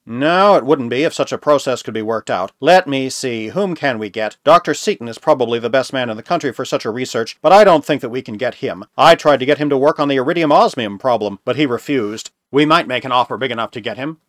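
A man's voice: medium pitch, fast talker, hardly any pauses, dry recording, studio quality, natural voice. A man reading a novel aloud, voicing a cautious male chemist who talks in a thoughtful way. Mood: musing. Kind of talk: audiobook reading.

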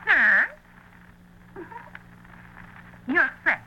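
Casting: bright, high, sing-song young 1890s lady, prim and indignant, on a dull old radio recording. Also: very animated, extremely slow, a little hiss or hum, exaggerated voice. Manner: primly indignant, formal old-fashioned speech. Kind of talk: 1950s radio acting.

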